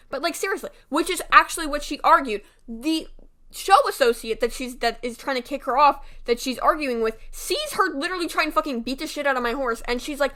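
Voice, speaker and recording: A young woman telling a personal story in a casual, animated way, with lots of fillers and swearing. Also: high-pitched. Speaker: storytime vlogger.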